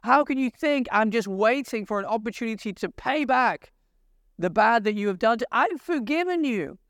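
A man's voice: extremely high pitch, animated, moderate pace, a bit bright, clean tone, no room sound, clean studio sound, heavily acted. A man preaching voices a heartbroken biblical man, pleading in wounded disbelief with his brothers.

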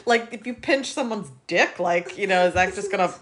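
A woman's voice: mid-range voice, moderate pace, fairly bright tone. A woman co-hosting a casual podcast, joking around, swearing a lot and laughing often. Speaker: podcast co-host. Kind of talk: casual chat.

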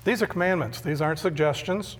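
Middle-aged male pastor, conversational sermon delivery, slightly high voice, reverberant hall. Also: a little fast. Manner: conversational, repeats words when emphatic.

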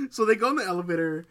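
A woman's voice: fairly high pitch, a bit bright. A woman co-hosting a casual chat, recapping a book in a rambling way, with frequent laughs and casual swearing. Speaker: podcast co-host.

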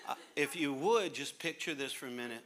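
Bright-voiced animated male preacher. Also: medium pitch, a little fast, a faint crowd. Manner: animated, humorous, acts out little scenes. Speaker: pastor. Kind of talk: sermon.

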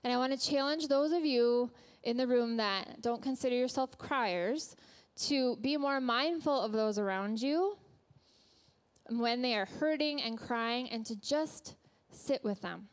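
A woman preaching in a church with an earnest, gentle storytelling manner. Her voice sits a little high, and she speaks slowly and deliberately, lingering over each phrase. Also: clear, resonant tone. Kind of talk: sermon.

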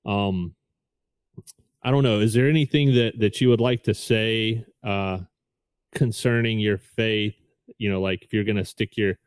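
Smooth low-voiced man hosting. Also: no echo. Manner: hesitant, many fillers and restarts, thoughtful. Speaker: podcast host. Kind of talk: casual podcast interview.

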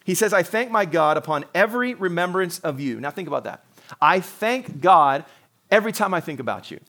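A man's voice: high-pitched, expressive, fairly quick, bright, forceful tone. A man preaching a sermon, earnest and conversational, quoting scripture and acting out voices with small laughs. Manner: earnest, quotes scripture in character, chuckles often.

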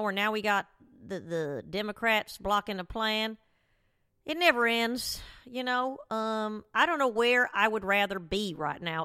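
A woman's voice: medium pitch, fairly bright tone, dry recording. Profane rambling woman host, dry sound. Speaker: talk show host. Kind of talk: casual rant. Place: at home.

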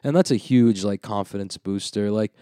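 A man's voice: lowish voice, moderate pace, clear, resonant tone, no room sound, clean studio sound. A man co-hosting a podcast, chatting casually and joking around. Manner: jokey, animated, slips into mock voices. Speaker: podcast co-host. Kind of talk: casual banter.

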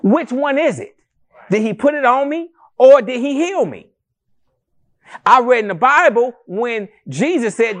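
A male pastor preaching a sermon to a congregation in a church, animated and conversational, with rhetorical questions and calls to the congregation. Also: extremely high pitch, moderate pace. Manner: addresses the congregation as family, calls for responses.

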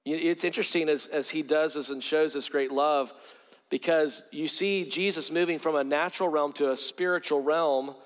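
A man's voice: a little high, steady tone, moderate pace. A man preaching a sermon, earnest, often repeating words as he starts a phrase. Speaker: pastor. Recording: long hall reverb.

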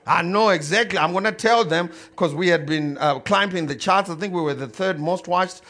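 Animated storytelling preacher, a man. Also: high-pitched, moderate pace. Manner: animated, swings from loud to quiet. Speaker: pastor. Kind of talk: storytelling sermon.

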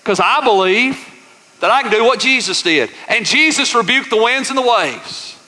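A man's voice: very high-pitched, expressive, moderate pace, pushed and bright. A pastor preaching a sermon, folksy and full of call-and-response with his congregation. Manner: folksy, says y'all. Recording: reverberant church hall.

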